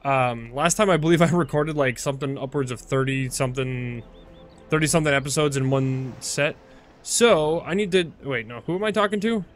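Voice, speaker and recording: A man's voice: medium pitch, normal speed. A man casually commenting on his own gameplay, rambling, chatty and full of fillers as he corrects himself. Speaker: video game let's-play host.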